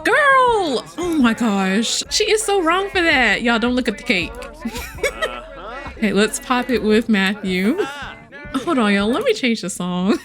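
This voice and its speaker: A young woman hosting a casual gameplay commentary. She is chatty, calls her viewers y'all, laughs often, and breaks into excited squeals and playful exasperation. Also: fairly high pitch, a little slow, faint music behind. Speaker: gameplay host.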